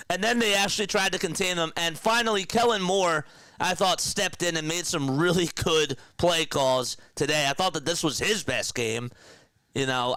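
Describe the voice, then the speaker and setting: Excitable man on a live sports stream. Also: fairly high pitch, no echo, studio quality. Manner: excited, rambling, emotional fan talk. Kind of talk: casual live-stream chat.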